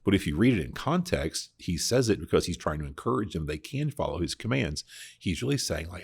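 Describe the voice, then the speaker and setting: A man's voice: deep voice, sing-song, brisk, breathy edge. A man hosting a casual Bible discussion podcast, talking earnestly and reflectively, often restarting his sentences. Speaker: podcast host.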